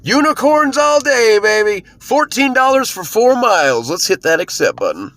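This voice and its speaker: A man's voice: very high-pitched, sing-song, normal speed, a bit bright. A man vlogging from his car about his delivery runs, talking in a hyped, joking, storytelling way. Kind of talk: casual vlog narration. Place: inside a car. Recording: clear road noise in a car. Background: car and road noise.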